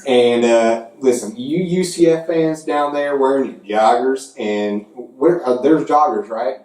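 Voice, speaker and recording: A man's voice: mid-range voice, a little slow, darkish tone, echoey room, distant mic, lightly acted. A man voicing a folksy Southern good-ol'-boy who lectures rival fans in a put-on drawl. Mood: mocking lecture.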